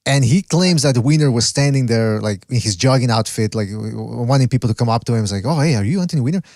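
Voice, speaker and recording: A man hosts a boxing podcast in loose, joking banter. He brags playfully and wanders through his thoughts with frequent restarts, at an ordinary middle pitch. The sound is close and dry. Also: animated, fast talker, a little mellow, no echo. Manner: joking, boastful, rambling with restarts.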